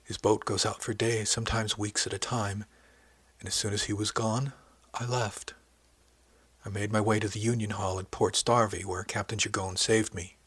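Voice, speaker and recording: A man voicing a frightened young village wife who speaks softly and hesitantly, with a husky voice. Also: lowish voice, level tone, moderate pace, no room sound.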